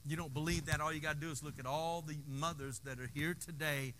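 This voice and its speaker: A man's voice: a little high, fairly even intonation, fast, sharp tone, a little hiss or hum. A man preaching a sermon in a folksy, call-and-response style, with playful asides to the congregation. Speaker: pastor.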